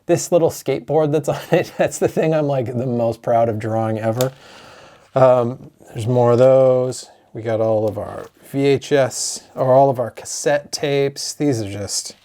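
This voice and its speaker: A man, a board game designer chatting excitedly through an unboxing of his own game, openly emotional. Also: medium pitch, a little slow. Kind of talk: unboxing vlog.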